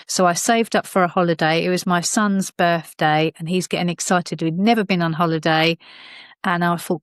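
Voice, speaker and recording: A woman's voice: on the low side, fairly even intonation, normal speed, clean tone, dry recording, clean studio sound. A woman telling a personal life story as a podcast guest, rambling with many fillers and acting out the dialogue.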